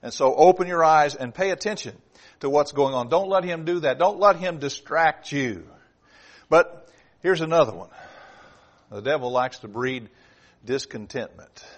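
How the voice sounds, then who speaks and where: A man preaching a sermon, moving between loud emphasis and low, hushed asides. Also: moderate pace. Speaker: pastor.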